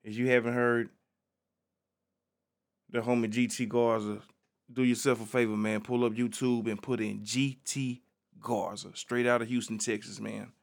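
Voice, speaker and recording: A man's voice: mid-range voice, little pitch movement, moderate pace, creaky. A man hosting a casual solo podcast, talking in a laid-back, slangy way and peppering his talk with "man". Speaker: podcast host.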